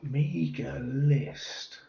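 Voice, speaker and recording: A man's voice: medium pitch, drawn-out words, creaky, dark tone. A man thinking aloud as he works through a cryptic crossword, musing and muttering the clues half to himself. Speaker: crossword solver. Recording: dull lo-fi audio.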